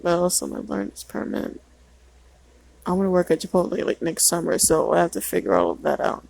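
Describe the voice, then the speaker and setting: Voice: medium pitch, expressive, brisk, creaky, a little mellow, no echo, low-quality recording. A teenager rambling and venting in a casual vlog, full of "like" and swearing. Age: teens. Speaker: vlogger.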